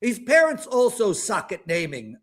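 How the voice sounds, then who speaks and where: Brief: man, 50s, fairly high voice, sports bettor guest who rants and exaggerates. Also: normal speed. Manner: animated, ranting, exaggerated complaints. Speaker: sports betting handicapper guest. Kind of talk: casual sports betting chat.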